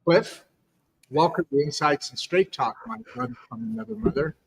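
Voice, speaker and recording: Brief: male talk-show host, higher-pitched, energetic, echoing reverb on the mic. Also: normal speed, creaky, slightly rough. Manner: upbeat and hyping, repeats phrases. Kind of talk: live interview show hosting.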